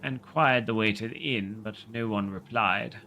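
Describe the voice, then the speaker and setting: A man reading a classic novel aloud on a livestream in a steady, measured way. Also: on the low side, dull audio.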